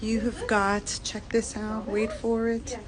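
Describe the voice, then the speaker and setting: A woman giving an excited live room tour on a cruise ship, filmed on a handheld phone and out of breath at times. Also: fairly high pitch, takes it slowly, over a noisy crowd. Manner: excited, gasping and laughing. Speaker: cruise vlogger. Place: cruise ship cabin, indoors.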